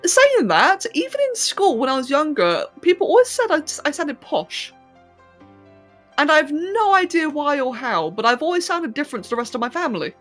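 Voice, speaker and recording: A chatty English woman with a slightly high voice talks her way through a live stream as she sculpts a 3D model. She laughs easily and stumbles over her words, with faint music under her voice. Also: sing-song, normal speed, fairly bright tone. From London, England. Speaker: streamer and 3D artist. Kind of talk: casual live-stream chat while modelling.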